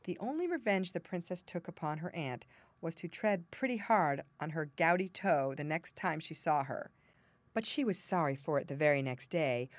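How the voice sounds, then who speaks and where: A woman narrating a classic fairy tale audiobook in a measured, expressive reading. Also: fairly low pitch, no room sound. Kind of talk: storybook narration.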